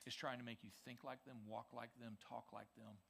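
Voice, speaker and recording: A man giving a lively youth sermon in a church service, his voice bright and forward. He keeps it conversational and checks in with the room often. His pitch sits in a middle register. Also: brisk, vocal fry, a little hiss or hum. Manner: energetic, conversational, frequent "okay?" check-ins. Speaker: youth pastor.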